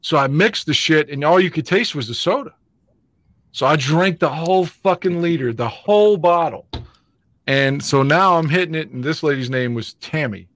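A man's voice: on the high side, expressive, moderate pace, fairly bright tone, no room sound. A middle-aged man hosting a podcast, telling blunt, profane, self-mocking stories in casual chat. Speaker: podcast host. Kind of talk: casual storytelling.

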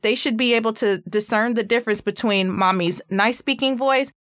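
A woman with a somewhat high, pitchy voice talks through parenting tips in a casual, earnest way. She leans on emphasis and fillers. The sound is dry and close, with no room around it. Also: normal speed, hardly any pauses, a bit bright, no echo. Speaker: parenting podcast host. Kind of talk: casual advice talk.

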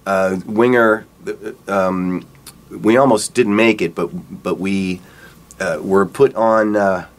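A middle-aged man, a rock guitarist, casually telling stories about his career in a relaxed, rambling way. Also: on the low side, takes it slowly. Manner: relaxed, rambling, acts out quotes with laughs. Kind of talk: casual storytelling interview.

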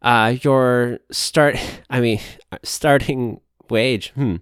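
A guarded time-travelling scientist father, as a woman puts him on, choosing each word with slow care. His speech is formal and evasive. The voice is smooth and dry, close to the mic. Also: rumbling low, fairly even intonation, no room sound, heavily acted.

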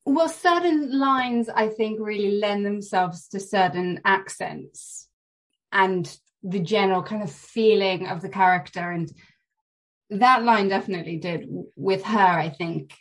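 A woman's voice: medium pitch, unhurried. A woman actor chatting as a podcast guest, telling stories from filming with light laughter. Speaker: actress guest. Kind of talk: casual podcast interview.

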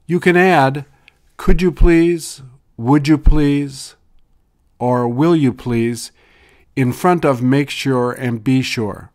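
A man reading English example sentences and brief explanations in a measured, deliberate way, as a language teacher. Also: medium pitch, a little mellow. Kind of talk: slow scripted language drill.

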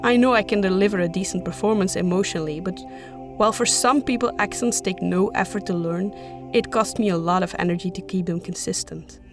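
A woman's voice: mid-range voice, brisk, music in the background. A woman giving candid, self-deprecating behind-the-scenes commentary as co-creator and voice actor of an audio drama.

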